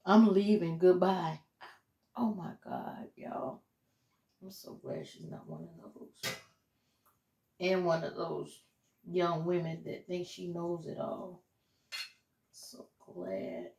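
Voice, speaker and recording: A woman's voice: on the low side, fairly even intonation, slow pace, vocal fry, long pauses, a little mellow, echoey room. A middle-aged woman chatting casually with viewers while she cooks in her home kitchen, calling them "y'all". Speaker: home cooking vlogger. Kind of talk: casual chat while cooking.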